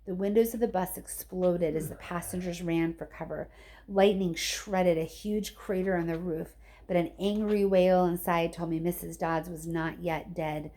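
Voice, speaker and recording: A woman teacher reading a chapter of a novel aloud to her students, expressive and chatty with her listeners. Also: fairly low pitch, moderate pace.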